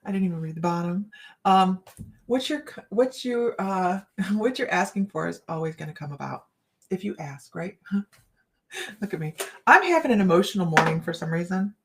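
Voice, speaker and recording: A woman's voice: fairly low pitch, expressive, normal speed. A middle-aged woman reading cards on a casual live chat, rambling and laughing often. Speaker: psychic card reader.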